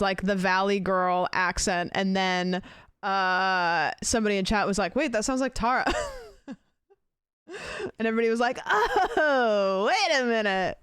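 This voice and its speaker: A woman's voice: mid-range voice, a bit bright, clear, resonant tone, dry recording, studio quality. A young adult woman livestreaming from her desk, rambling chattily and thanking donors between stories. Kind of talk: casual stream chat.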